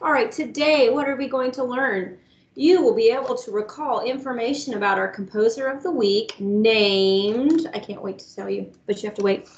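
A woman's voice: a little high, moderate pace, muffled recording. A woman, a music teacher giving an upbeat online lesson to young children. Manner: upbeat, talks to kids directly with lots of "guys" and "all right".

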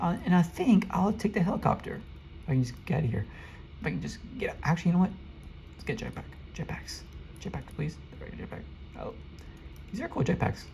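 A man giving excitable live gameplay commentary, talking to his viewers and rattling off rapid repeated urgings. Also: medium pitch, slight background noise. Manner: chatty, addresses viewers directly. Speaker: gaming video creator.

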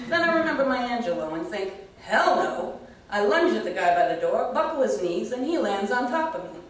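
A woman voicing a brash, fed-up Queens mother in a monologue, loud and cursing, with a put-on Queens accent. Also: fairly high pitch. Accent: Queens, New York (put on). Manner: loud, brassy, cursing, fast. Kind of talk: monologue read at a literary reading. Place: reading venue hall. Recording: echoey room from far off.

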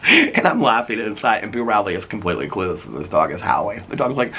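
A man in his 50s strolls his neighborhood talking to his vlog camera, laughing often as he meanders through stories. His fairly low voice is sing-song, quick, pushed and bright. Slight background noise mixes with faint outdoor ambience and birds.

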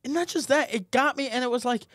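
A man co-hosting a podcast, telling an emotional story in animated, casual chat. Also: very high voice, fast talker, dry recording, clean studio sound. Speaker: podcast co-host.

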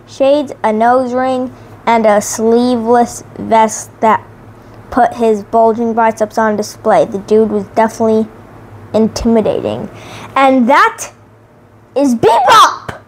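A woman's voice: a little high, steady tone, unhurried, dark tone, slight background noise. A woman reading a children's novelization aloud carefully, sometimes restarting words. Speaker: reader.

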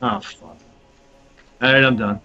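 Bright-voiced male player, lo-fi audio. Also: medium pitch, sing-song, unhurried, vocal fry. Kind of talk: casual tabletop play. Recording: dull lo-fi sound with faint music.

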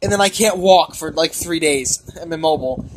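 A man's voice: fairly high pitch, a little fast, slight background noise. A young man who is a gaming vlogger, ranting in frustration and cursing heavily as he rambles while playing a game. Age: young adult.

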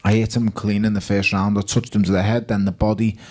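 Man, liverpool accent, slightly low voice, guest on stage, anecdotal storyteller. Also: a little fast. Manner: lively anecdotal, quotes himself and others. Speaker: guest boxer. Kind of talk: storytelling at a live fan evening.

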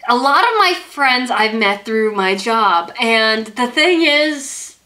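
A young woman vlogging as she opens a gift, gushing with repeated excited exclamations. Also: on the high side, slow. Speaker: YouTuber opening a gift. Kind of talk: casual vlog unboxing.

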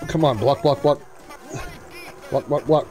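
Faint music sits behind a medium-pitched man who, at a measured pace, hosts a retro gaming video with casual, excitable commentary on the gameplay while talking to the players on screen.

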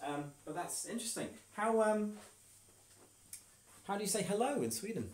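A young man hosting a casual livestream as a hypnotist, teasing and playful, giving slow, measured trance cues. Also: sits high, sing-song. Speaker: stage hypnotist and stream host. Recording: roomy echoey room.

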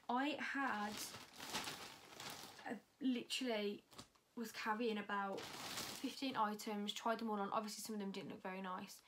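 A young woman talks through a haul at a middle pitch, loose and unfiltered, with the odd swear word. She records indoors, and a faint noise sits underneath her voice. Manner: chatty and unfiltered, swears freely. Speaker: fashion vlogger. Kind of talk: casual haul chat.

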